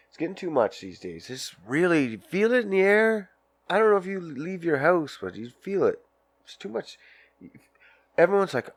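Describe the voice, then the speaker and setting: A man's voice: high voice, big pitch swings, moderate pace, dry recording. A man hosting a casual podcast, ranting in a crude, profane, rambling way and acting out little scenes while smoking a joint. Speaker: podcast host. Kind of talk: casual solo podcast rant.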